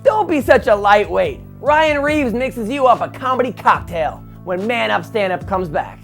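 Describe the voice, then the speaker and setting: A woman's voice: mid-range voice, expressive, moderate pace, creaky, faint music behind. A woman announcing a comedy show in a punchy, teasing scripted read.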